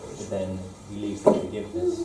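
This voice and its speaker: A man in a study circle offering his view tentatively, pausing with fillers as he reasons aloud, recorded far off in an echoey room with background noise. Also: fairly low pitch, huge pitch swings, warm tone. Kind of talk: discussion remarks.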